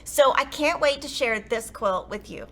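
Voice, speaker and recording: A woman's voice: high-pitched, measured pace. A woman hosting a quilting tutorial, chatty and enthusiastic as she explains each step. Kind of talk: upbeat sewing tutorial.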